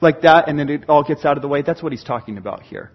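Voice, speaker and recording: A man preaching from the pulpit in a high, husky voice, full of rhetorical questions. He swings from hushed asides to loud bursts. The recording sounds a little muffled. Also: quick pace. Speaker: pastor. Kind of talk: sermon.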